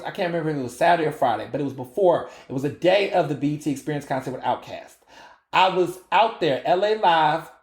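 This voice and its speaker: A man in his thirties hosting a podcast, telling a story in a casual, animated way and swearing freely. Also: fairly high pitch, echoey room. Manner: animated, acts out quoted dialogue, swears freely. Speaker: podcast host.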